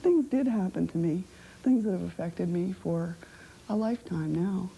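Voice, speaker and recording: Interviewee, woman, deep gravelly voice, halting and reflective. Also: mellow, a little hiss or hum, rough recording. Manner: halting, reflective, with many fillers. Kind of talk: personal testimony.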